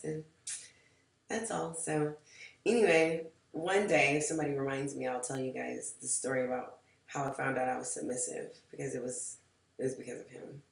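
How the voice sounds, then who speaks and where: In a storytime vlog, a woman rambles frankly, swears without restraint, and says "like" often. She has a bass voice with vocal fry, fairly even intonation, and a normal speaking speed. Her mic is far off, so the room echoes noticeably.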